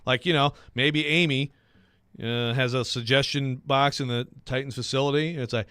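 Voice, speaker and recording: A man hosting a sports talk radio show, rambling and self-deprecating, quick to laugh. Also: mid-range voice, steady tone, a bit bright, clear, resonant tone, dry recording, studio quality.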